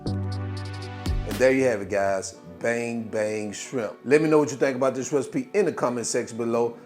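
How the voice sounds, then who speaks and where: A man's voice: medium pitch, normal speed, darkish tone, soft background music. A man hosting a casual cooking video, talking viewers through the dish in a laid-back way and hyping the food. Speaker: cooking channel host.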